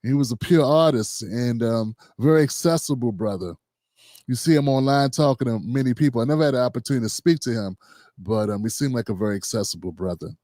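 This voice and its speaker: A man in his fifties, co-hosting a podcast panel, talking reflectively with frequent pauses and fillers. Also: medium pitch, warm tone, no room sound, studio quality. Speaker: podcast co-host. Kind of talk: panel discussion.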